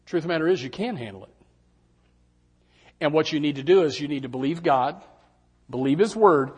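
A man's voice: a little high, breathy edge. An older man preaching a sermon, often acting out doubters' replies in a raised voice. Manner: animated, acts out congregants' doubts in raised voices.

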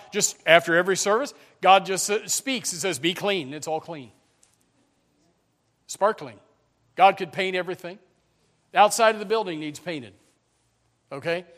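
A man preaching a sermon in a church, emphatic, swinging between loud and quiet. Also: high voice. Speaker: pastor. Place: church sanctuary.

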